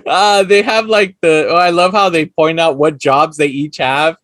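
A man's voice: on the high side, steady tone, moderate pace, a bit bright, dry recording, clean studio sound. A man co-hosting a podcast, chatting casually and laughing often. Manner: laughs a lot, joking. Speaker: podcast co-host. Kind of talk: casual chat.

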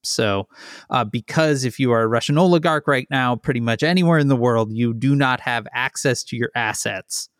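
A man's voice: medium pitch, fairly bright tone, no echo, studio quality. A man co-hosting a casual podcast, reading out news with wry asides. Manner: chatty, wry, reads out figures between jokes. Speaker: co-host.

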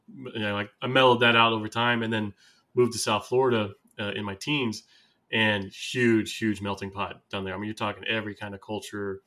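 An American man hosting a casual podcast, with a low but bright, forceful tone. He rolls from one anecdote to the next and laughs readily. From United States. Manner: chatty, anecdotal, laughs easily. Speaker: podcast host.

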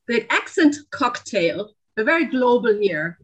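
German-accented woman, guest storyteller, lively and laughing, slightly high voice. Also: measured pace, husky, rough recording. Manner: animated, laughs often, exclaims. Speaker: podcast guest. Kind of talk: casual chat, storytelling.

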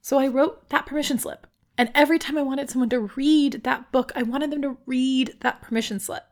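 A woman hosting a podcast, talking in a chatty, expressive monologue and calling herself loud. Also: high voice, a little fast. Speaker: podcast host.

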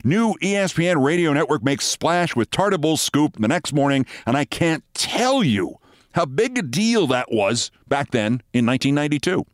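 An older man hosting a show, telling a long anecdote in a wry, brisk storytelling manner. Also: fairly high pitch, big pitch swings, no echo, studio quality. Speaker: host. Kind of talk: storytelling monologue.

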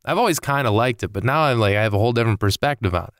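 Exasperated ranting man, smooth dry voice. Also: medium pitch, expressive, rapid-fire, no echo. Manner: exasperated ranting, swearing, rambling. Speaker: comedian podcast host. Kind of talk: casual comedic monologue.

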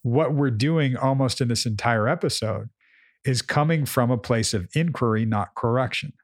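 A man's voice: mid-range voice, normal speed, no room sound. Emphatic man in a dry room. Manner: emphatic, repeats words while thinking. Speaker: podcast co-host, coach. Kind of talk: casual chat.

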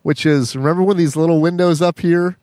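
A man's voice: on the high side, fairly even intonation, fairly quick, darkish tone, no echo, studio quality. A man co-hosting a podcast in casual banter, firing off blunt, curious questions. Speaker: podcast co-host.

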